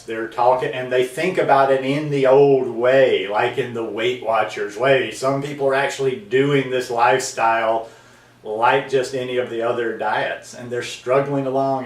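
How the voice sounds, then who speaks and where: A man speaks straight to his viewers, earnest and rambling, full of ums and restarts as he works through his point. His voice is medium in pitch and a touch distant from the mic. The room around him rings with a noticeable echo. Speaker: vlog host. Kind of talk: casual talking-to-camera monologue.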